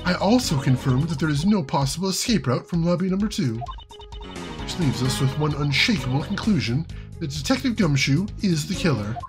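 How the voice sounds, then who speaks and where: A man voicing a proud, scornful young female prosecutor in a game, reading her lines in a slightly lower, condescending tone. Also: lively intonation, brisk, music in the background, natural voice. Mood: haughty.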